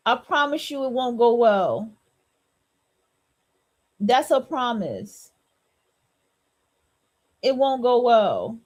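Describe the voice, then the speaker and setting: A woman's voice: a little high, very animated, very slow, long pauses, a little mellow, highs cut off. A woman hosting a solo podcast, talking in a blunt, repetitive, preachy and profane way. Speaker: podcast host.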